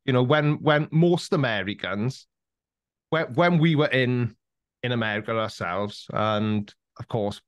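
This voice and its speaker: A man with a Welsh accent spins animated anecdotes as a podcast guest, often restarting his sentences mid-thought. His voice sits at an ordinary middle pitch for a man. The recording is close and dry, with no room echo. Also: unhurried. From Wales. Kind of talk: casual interview chat.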